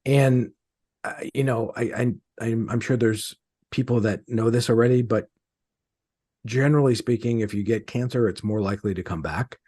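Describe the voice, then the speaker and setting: Husky, hesitant middle-aged man. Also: medium pitch, normal speed, mellow, dry recording, studio quality. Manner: hesitant, many fillers and restarts. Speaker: interview guest, author. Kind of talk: conversational interview.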